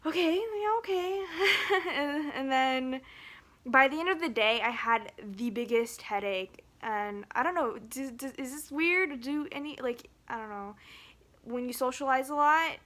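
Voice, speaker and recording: Woman vlogger, slightly high voice; halting, rambling phone-camera talk, emotional and close to tears. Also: bright, forceful tone. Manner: rambling and halting, with frequent restarts and nervous laughs.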